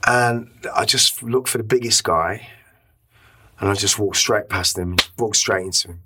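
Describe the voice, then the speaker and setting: A man's voice: on the low side, a little slow, noisy background. A middle-aged man, a podcast guest, telling an emotional story in a rambling way, with many restarts and casual swearing. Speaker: interview guest.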